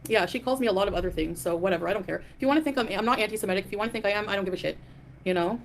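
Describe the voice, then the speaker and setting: Woman on a live stream rant, talks fast, defiant and dismissive, swears a lot, faint noise behind. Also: medium pitch. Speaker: live stream host reading chat.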